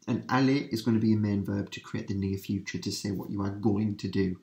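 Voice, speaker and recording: A male teacher running a revision lesson. His voice sits a little low, and he keeps stressing words by repeating them. He slows right down whenever he says a French example. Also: steady tone, dark tone, slight background noise. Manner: repeats key words for emphasis, breaks into slow French examples.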